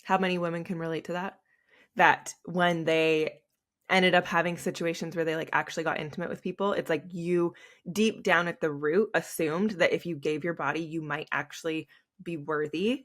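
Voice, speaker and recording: Low-voiced woman, candid and tearful. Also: fairly even intonation, normal speed, fairly bright tone. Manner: candid and emotional, rambling with many fillers. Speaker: podcast host. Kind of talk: confessional solo podcast.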